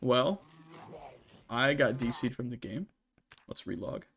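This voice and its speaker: A man's voice: mid-range voice, lively intonation, slow pace, a bit bright, breathy edge. A young adult man hosting a casual livestream Q&A while gaming, talking in a rambling, chatty way with many restarts and fillers. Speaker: streamer and channel host.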